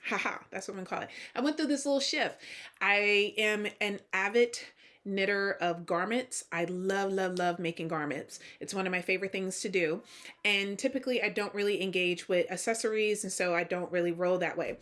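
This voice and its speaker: A woman's voice: mid-range voice, fairly quick, fairly bright tone. Tired woman host with a slight Southern twang; chatty knitting vlogger who laughs a lot, mid-range voice. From Georgia, US. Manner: chatty, laughs often, self-deprecating. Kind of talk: casual knitting vlog chat.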